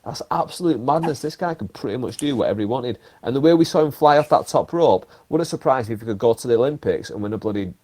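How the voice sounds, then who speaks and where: Animated man in casual chat. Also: mid-range voice, quick pace, hardly any pauses. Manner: animated storyteller with emphatic swearing. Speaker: podcast host.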